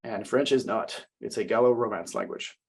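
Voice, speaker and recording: A young man teaching a French lesson, explaining words slowly and translating each phrase. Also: lowish voice, husky. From United States. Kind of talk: classroom language lesson.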